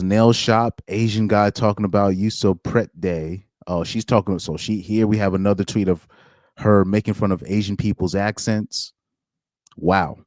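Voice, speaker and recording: A young man with a deep, low voice gives casual reaction commentary. He reads posts aloud and breaks off into incredulous asides and half-finished restarts. The sound is close and dry, with no room around it. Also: a little mellow, dry recording. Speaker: commentary streamer.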